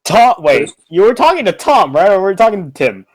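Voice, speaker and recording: A woman's voice: mid-range voice, sing-song, a little mellow. A woman running a tabletop game as game master, casual and giggly. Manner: giggly, unhurried.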